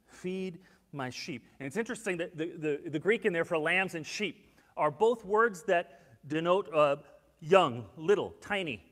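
A male pastor delivering a sermon with a fairly high voice. He moves from ringing emphasis to soft, confiding asides. The sound trails off into a long reverb, as in a church sanctuary. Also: normal speed. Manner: expressive, swings from loud emphasis to hushed, intimate asides.

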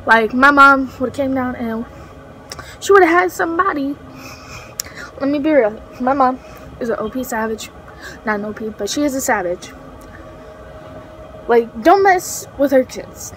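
A woman's voice: sits high, a bit bright, slight background noise, poor audio. A teenage girl telling a story in a casual vlog, rambling with lots of fillers and self-corrections. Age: teens. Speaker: vlogger.

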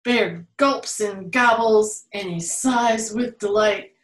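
A woman reading a picture book aloud to children at storytime, playful and animated, laughing often. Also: medium pitch, takes it slowly, echoey room, rough recording. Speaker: children's museum storytime reader.

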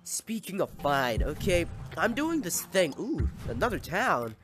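A man's voice: high voice, sing-song, unhurried, fairly bright tone, soft background music. A young man giving casual, playful gameplay commentary, exclaiming at and scolding the little villagers in his game.

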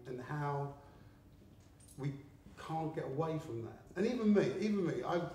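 With a fairly high, mellow voice, animated and at normal speed, a man from England chats casually in a gallery, telling meandering stories full of laughter and swearing. A distant mic captures heavy echo and faint background noise indoors.

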